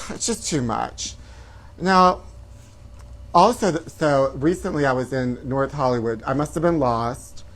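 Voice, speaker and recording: A man's voice: medium pitch, measured pace, a bit bright. A man hosting a comedy gossip show, talking in a flamboyant, campy way and calling listeners honey. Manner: flamboyant, calls viewers honey.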